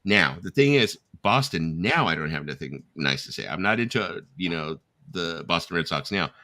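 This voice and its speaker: A middle-aged man hosting a casual live chat, telling animated stories, reading viewer comments aloud and laughing at his own jokes. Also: low voice, normal speed, no room sound, clean studio sound. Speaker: host of a live chat stream.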